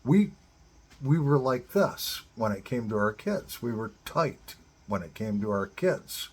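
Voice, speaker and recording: A man's voice: mid-range voice, very animated, unhurried, breathy edge. A middle-aged man giving blunt, profane advice straight to other men in a casual monologue. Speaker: advice-giver to divorced fathers.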